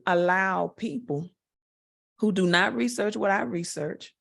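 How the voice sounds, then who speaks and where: A woman with a Southern US accent answering interview questions in a direct, confident way, talking slowly with many fillers. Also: mid-range voice, gravelly, fairly bright tone. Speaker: guest, network marketer.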